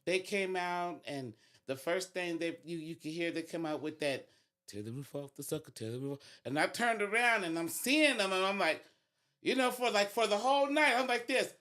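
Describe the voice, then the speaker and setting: Guy with a high voice on a podcast, gushing about a show, tons of filler words. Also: normal speed. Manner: excited recounting, many fillers like "you know". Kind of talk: casual podcast chat.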